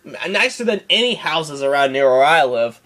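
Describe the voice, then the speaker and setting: Animated man ranting through a show recap. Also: fairly high pitch, moderate pace. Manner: animated, laughing, swearing, rambling with restarts. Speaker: show reviewer. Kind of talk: casual episode recap.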